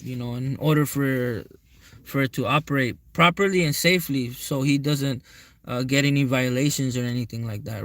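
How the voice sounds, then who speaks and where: A man's voice: mid-range voice, fairly bright tone, no room sound. A young man telling a long personal story to his viewers in a rambling, profane way, often checking in with them. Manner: rambling, profane, keeps asking viewers "right?". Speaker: tarot reader. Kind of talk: casual storytelling vlog to viewers.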